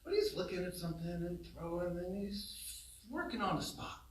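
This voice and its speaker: A man telling humorous family stories in a eulogy at a funeral home, animated and laughing along, recorded from a distance. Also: high-pitched, moderate pace. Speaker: son giving a eulogy. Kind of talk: humorous memorial storytelling. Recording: roomy, distant hall sound.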